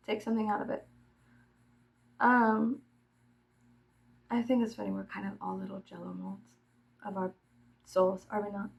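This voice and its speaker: A Texan woman vlogger with a medium-pitched, flat, creaky voice talks a little slowly and pauses often, and the audio is dull. She rambles casually and profanely in her Texas accent, giggling a lot and dropping to murmurs.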